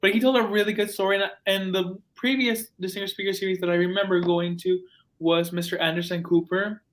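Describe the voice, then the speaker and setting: A young man hosting a student podcast, telling stories in an excitable, gushing way. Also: high voice, brisk. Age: young adult. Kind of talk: casual chat.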